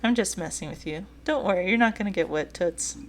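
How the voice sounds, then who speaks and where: A woman's voice: lowish voice, a little fast, slight background noise, natural voice. A woman voicing a folksy, joking older male boat owner with a light put-on Southern drawl while reading a dating game aloud. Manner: teasing, folksy storytelling.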